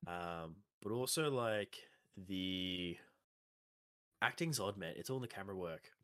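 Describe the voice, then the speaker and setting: Low-voiced Australian man, casual rambling chat. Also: lively intonation, measured pace, fairly bright tone, clean tone, no room sound, clean studio sound. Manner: rambling, lots of fillers and restarts. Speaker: podcast co-host.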